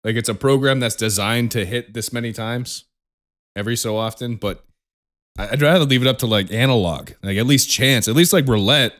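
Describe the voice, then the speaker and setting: A young man co-hosting a podcast, talking at a middle pitch in a loose, casual chat. He rants freely, swearing often and breaking into laughs. His delivery stays relaxed and conversational. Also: fairly quick. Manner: profane, ranting, laughs often. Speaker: podcast co-host.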